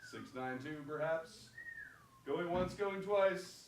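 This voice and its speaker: A man's voice: fairly high pitch, takes it slowly. Playful emcee man, echoey theater. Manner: playful, teasing. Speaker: emcee running a raffle. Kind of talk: live comedy emcee banter. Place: small theater stage. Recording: echoey live theater recording from a distance, background noise.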